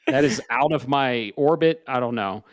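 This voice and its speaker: A man's voice: mid-range voice, normal speed, no echo, studio quality. A man in his forties, a podcast host, chatting casually and laid-back, swearing often. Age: 40s. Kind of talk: casual chat.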